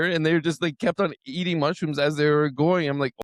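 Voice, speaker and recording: A man hosting a podcast, talking casually and telling an animated story, often saying "man" and "like". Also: on the high side, moderate pace, no echo. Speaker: podcast host.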